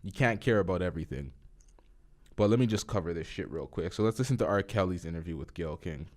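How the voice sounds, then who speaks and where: A man's voice: low-pitched, lively intonation, fast, a little mellow. A man hosting a podcast, giving blunt, profane, offhand reaction commentary. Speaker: podcast host.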